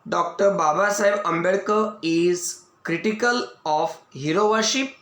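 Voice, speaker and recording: A man with an Indian English accent giving a video lecture as an English teacher, explaining slowly and restating each point. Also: sits high, fairly bright tone. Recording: echoey room.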